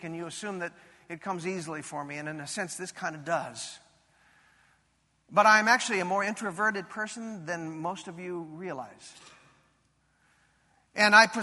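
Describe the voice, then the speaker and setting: A man's voice: high voice, sharp tone. A male pastor preaching a sermon, telling a personal story in an earnest, confessional way that builds to fervent emphasis, recorded in a church sanctuary. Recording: long reverb in a large hall.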